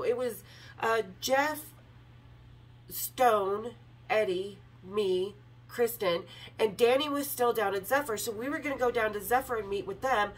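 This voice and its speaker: A woman hosting a podcast, candidly telling a story with swearing and animated quoted lines. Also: on the high side, rough recording. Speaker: podcast host. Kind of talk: casual storytelling.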